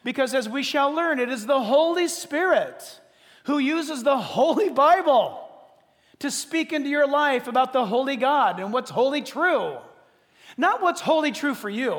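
A pastor preaching an emphatic, conversational sermon with casual asides. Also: male voice, very high voice, expressive, a little slow, fairly bright tone. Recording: reverberant hall.

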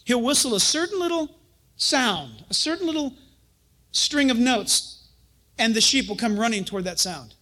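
High-voiced man preaching with chuckles. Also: moderate pace. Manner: animated storytelling, chuckles often, acts out quotes. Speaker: pastor and Bible teacher. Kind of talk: sermon.

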